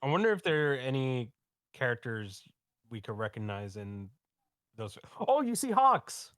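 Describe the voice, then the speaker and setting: A man co-hosting a podcast, reacting with excited, profanity-laced remarks in casual chat. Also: medium pitch, unhurried, clear, resonant tone, no room sound, clean studio sound. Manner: excitable, swears a lot in reactions. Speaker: podcast co-host.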